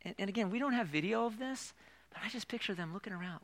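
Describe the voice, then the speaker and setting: A male pastor preaching in a bright, forceful voice that sits a little high. He talks to the congregation like a conversation, full of rhetorical questions. He swings from loud emphasis down to hushed whispers. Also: big pitch swings, fast. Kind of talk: sermon.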